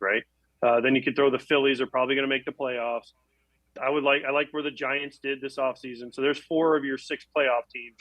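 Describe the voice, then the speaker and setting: Fast talking guy in his 40s, ex-catcher telling stories, dry mic. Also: mid-range voice, fairly bright tone, no echo, rough recording. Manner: fast, chatty, self-deprecating storyteller. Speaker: guest, former baseball catcher. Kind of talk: casual chat.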